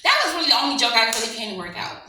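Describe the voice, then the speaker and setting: A woman in her forties doing open mic stand-up, fast and chatty, rambling with fillers. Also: fairly high pitch, very animated, bright, forceful tone, distant mic. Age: 40s. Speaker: stand-up comedian. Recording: echoey room, faint noise.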